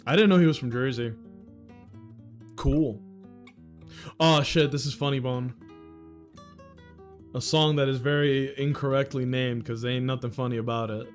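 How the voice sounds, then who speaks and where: A man's voice: medium pitch, steady tone, moderate pace, long pauses, soft background music. A man in his thirties from New York, chatting candidly and rambling on a livestream, swearing casually as he talks. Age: 30s. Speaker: livestream host.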